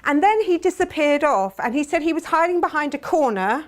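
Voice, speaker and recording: A woman's voice: sits high, lively intonation, fairly quick. A middle-aged woman telling funny personal stories to customers in a tearoom, chatty and self-mocking, laughing as she goes. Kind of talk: humorous personal storytelling. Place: tearoom with a live audience.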